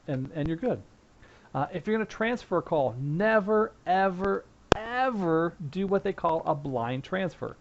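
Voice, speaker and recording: A man's voice: fairly high pitch, gravelly. A man teaching a help desk class in a casual, conversational way, acting out sample phone lines. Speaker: instructor. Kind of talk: casual lecture. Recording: dull lo-fi recording.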